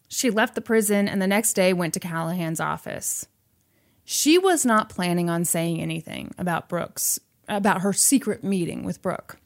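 A woman's voice: lowish voice, normal speed, vocal fry. A woman podcast host retelling a movie in a chatty, wry way. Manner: chatty and wry, acting out quotes. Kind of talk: casual chat retelling a movie.

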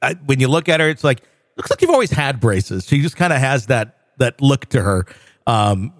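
A man's voice: medium pitch, sing-song, normal speed, dry recording. A male radio host chats in an easygoing, chuckling way, with loose restarts between thoughts. His voice sits in a mid register. The studio sound is close and dry. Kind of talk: casual chat.

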